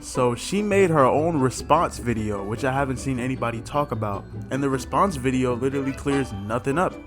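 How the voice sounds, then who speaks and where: A man's voice: mid-range voice, lively intonation, brisk, music in the background. A man hosting a reaction video, talking in a blunt, mocking, slangy way. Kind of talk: casual reaction commentary.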